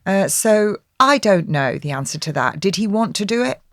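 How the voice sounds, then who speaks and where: A woman's voice: mid-range voice, very animated, normal speed, no echo, clean studio sound. A middle-aged woman speaking emphatically as an interview guest, repeating herself with frequent ums and restarts. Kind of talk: conversational interview.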